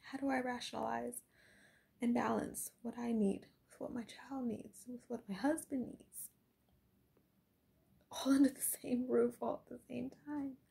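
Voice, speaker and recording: A woman's voice: on the high side, steady tone, a little slow, vocal fry, warm tone. A young adult woman talking candidly in a confessional diary vlog, reflective and often dropping to a whisper. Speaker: vlogger.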